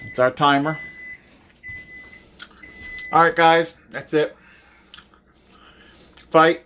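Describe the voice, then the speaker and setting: Guy cooking and chatting at home, slow and easy, chuckles while he eats. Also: fairly high pitch, fairly even intonation, pushed and bright. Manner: chuckling, talking while eating. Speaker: video host. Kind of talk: casual cooking vlog.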